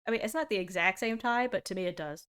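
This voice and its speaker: A young woman in her twenties reacting on a stream in casual talk. She drifts between dry sarcasm and bursts of laughter. Her voice sits in a middle pitch for a woman. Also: fast, clear, resonant tone. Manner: animated, laughs a lot, sarcastic.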